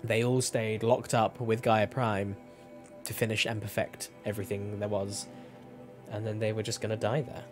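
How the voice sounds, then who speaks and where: A man's voice: fairly low pitch, level tone, normal speed, music in the background. A young man chatting casually while streaming a game, rambling and correcting himself as he goes. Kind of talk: casual gameplay commentary.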